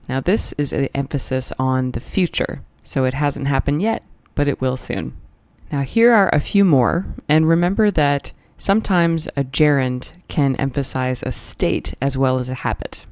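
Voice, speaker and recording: A teacher narrates a grammar lesson over slides, moving step by step and reading example sentences aloud. The voice sits at a middle pitch. The sound is close and dry, with no room around it. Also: measured pace, a little mellow, no room sound.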